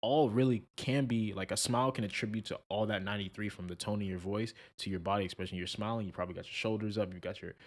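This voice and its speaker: Chatty young man, lowish voice. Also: quick pace, few pauses. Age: young adult. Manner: animated, chatty, with many fillers. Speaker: podcast co-host. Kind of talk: casual chat.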